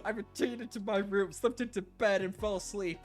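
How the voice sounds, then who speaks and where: A man's voice: high voice, fairly even intonation, moderate pace, faint music behind. A man streaming a game, reading the story aloud and reacting to it, swinging between voices and swearing at it. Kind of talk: reading a visual novel aloud with commentary.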